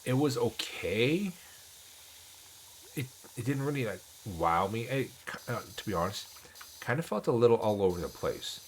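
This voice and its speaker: A man's voice: medium pitch, expressive, moderate pace, slight background noise, poor audio. A man streaming a game and chatting casually with viewers, rambling with many restarts. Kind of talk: casual chat while gaming.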